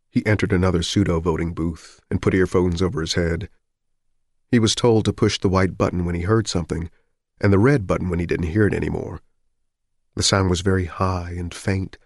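A man with a very low, deep voice reads a novel aloud as an audiobook. His delivery is even and measured, and the recording is close and dry with no room echo. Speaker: narrator. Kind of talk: scripted audiobook narration.

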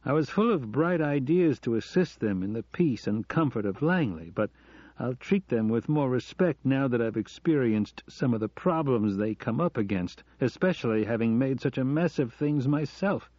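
A man voicing a middle-aged American professor who speaks in a quiet, earnest, confessional way. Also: medium pitch, lively intonation, normal speed, no echo, lightly acted. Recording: dull lo-fi audio.

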